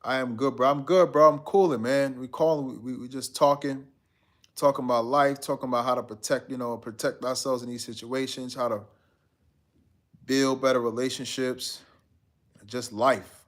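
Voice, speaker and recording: A man's voice: medium pitch, steady tone, normal speed. A man hosting a live stream, chatting casually and reading out viewer comments in a laid-back, slangy way. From United States.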